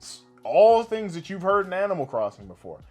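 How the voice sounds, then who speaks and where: A man's voice: high-pitched, a little fast, faint music behind. A young man co-hosting a casual gaming podcast, telling stories with lots of swearing and big laughs. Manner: animated, swearing, laughing storyteller. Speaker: podcast co-host.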